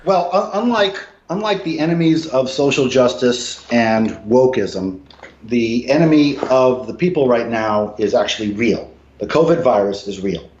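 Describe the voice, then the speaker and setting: A man in casual conversation from his apartment, talking emphatically, swinging between low mutters and raised, swearing outbursts. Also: lively intonation, moderate pace, a little mellow, slight background noise. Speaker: guest. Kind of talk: casual video call conversation. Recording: roomy, dull lo-fi sound.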